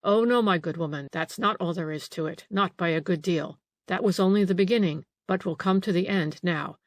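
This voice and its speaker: A woman reading an audiobook, voicing a small, gentle old male detective who questions politely. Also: lowish voice, a little fast, dry recording, studio quality, close to an everyday voice. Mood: pressing.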